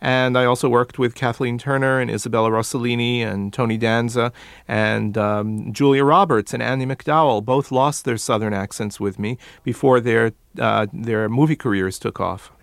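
A man, a dialect coach interviewed as a guest, who demonstrates accents by repeating words in a measured way. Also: mid-range voice, fairly even intonation, vocal fry, clean tone, no room sound, clean studio sound.

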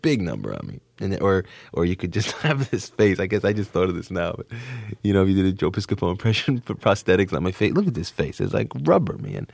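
A comedian from the New Jersey suburbs, with a very low, gravelly voice, talks quickly as a guest in a casual interview. He's rambling and excitable and keeps tripping over restarts, and the sound is dry and close with no room sound.

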